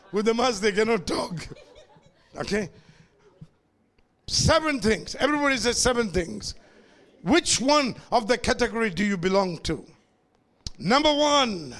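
Male preacher, very high pitch, fervent and repetitive, shouts often, calls to the congregation. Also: gravelly. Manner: impassioned preaching that swings into shouting; repeats phrases and calls out to the congregation. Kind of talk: sermon.

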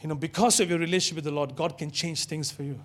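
A man preaching to his church with a high, lifted voice. He keeps the sermon animated and pulls the congregation into call-and-response. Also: quick pace.

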